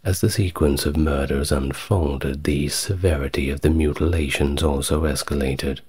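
With a husky, rumbling low voice, this narrator recounts history as ASMR. He stays calm, quiet and steady throughout, occasionally slipping in dry, chatty remarks.

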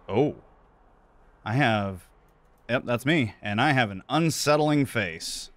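A man's voice: medium pitch, slow, pauses often, no echo. A man hosting a let's play, commenting casually and wryly on a game from a studio. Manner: relaxed, wry, talks over gameplay.

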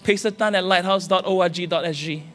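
A fast-talking Singaporean man with a high, fairly bright voice and fairly even intonation preaches as senior pastor. In the echoing church hall, over faint music, his impassioned sermon keeps pressing listeners with urgent, repeated calls that rise.

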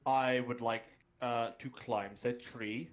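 A man playing a tabletop game, describing his actions in a halting way with many restarts. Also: medium pitch, fairly even intonation, lo-fi sound. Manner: hesitant, restarts often. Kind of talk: casual tabletop role-play.

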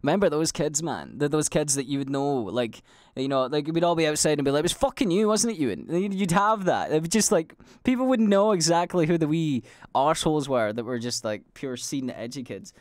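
A young Scottish man hosting a podcast, rambling through stories in casual chat, swearing a lot and acting out loud quotes. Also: a little high, fairly quick, dry recording, studio quality. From Scotland. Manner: sweary, animated storytelling with loud acted-out quotes. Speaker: podcast host.

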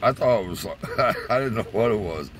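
A man's voice: lowish voice, animated, normal speed, a little hiss or hum. A man telling a rambling, profane story in a casual way, chuckling as he goes, from inside a car.

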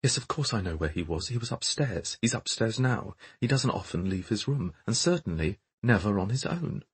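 A man voicing a calm, matter-of-fact middle-aged mother who speaks quietly and precisely. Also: fairly low pitch, moderate pace, husky, no room sound, voice pushed up, full character voice. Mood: firm.

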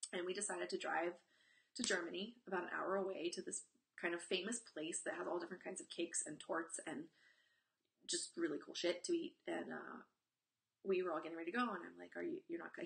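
A woman's voice: fairly low pitch, creaky. A woman in her forties, a parenting coach on a live stream, talking bluntly and nonstop, swearing freely and telling stories from her own family. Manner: talks nonstop in an animated, emphatic way. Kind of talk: live-stream talk to viewers.

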